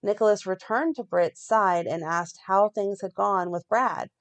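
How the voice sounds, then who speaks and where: A woman co-hosting a fan podcast, reading a plot recap in a steady run and breaking off now and then to comment. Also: mid-range voice, unhurried. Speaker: podcast co-host recapping a soap.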